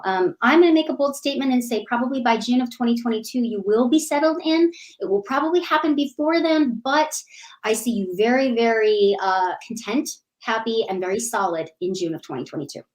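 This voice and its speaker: A woman giving a live psychic reading, animated and affectionate, calling listeners sweetie and honey. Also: on the high side, fairly quick, rough recording. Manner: animated, bubbly, laughs often. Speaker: psychic reader.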